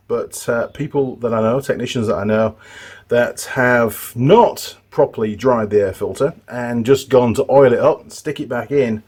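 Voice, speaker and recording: With a medium pitch, darkish tone, and a breathy edge, a middle-aged man hosts his channel's motorbike repair tutorial. He's the mechanic, and his casual workshop chat rambles loosely, full of restarts and asides.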